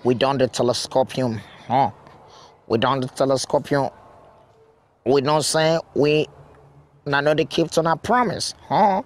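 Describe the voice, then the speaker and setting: An actor playing a blustering kidnapper who stammers out threats over the phone, with a Nigerian Pidgin accent. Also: male voice, mid-range voice, measured pace, long pauses, natural voice. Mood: menacing.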